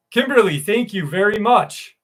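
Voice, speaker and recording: A man with a voice a touch higher than usual hosts a casual live stream. He greets viewers by name and reacts to their comments in loose, chatty talk with the odd curse and plenty of laughs.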